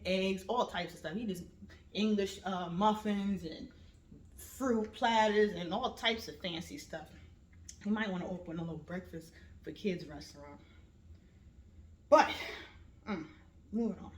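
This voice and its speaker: A woman in her late thirties talks through a casual personal monologue at a middle pitch. Her storytelling is lively, and she slips into other voices when she quotes family members. The room around her gives a noticeable echo. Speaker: vlog host. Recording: roomy echo.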